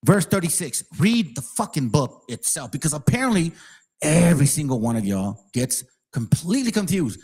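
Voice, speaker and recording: A man rants heatedly in a voice that sits a little high for a man. He swears freely and slips into sarcasm as he argues his point, talking straight to his viewers. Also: very animated, measured pace. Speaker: channel host. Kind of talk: ranting commentary.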